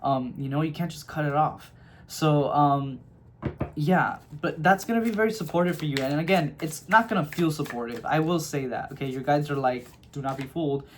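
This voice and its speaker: A man gives a casual tarot reading to camera in a slightly high voice at a moderate pace, with slight background noise. He's chatty and reassuring, affectionately calling his listeners "my loves" and often checking in with "okay?"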